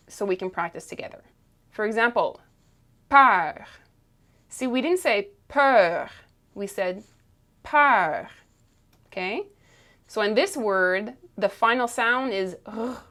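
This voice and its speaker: A woman's voice: mid-range voice, a bit bright. A woman teaching French pronunciation, explaining patiently and checking in with "okay?" after each point. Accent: Canadian French. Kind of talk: pronunciation lesson.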